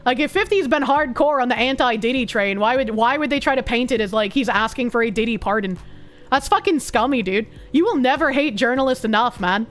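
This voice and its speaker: A young woman with a Boston accent, chatting casually on a live stream, profane and excitable with bursts of yelling. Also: a little high, brisk, soft background music. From Boston, USA. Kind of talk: casual live-stream chat reading comments.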